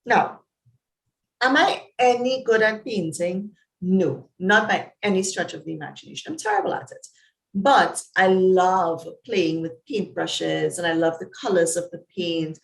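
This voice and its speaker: A Trinidadian woman, a psychologist, talks in an interview as an animated storyteller, laughing and jumping up and down in pitch. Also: a little slow, creaky, echoey room, rough recording. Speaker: psychologist guest. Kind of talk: conversational interview.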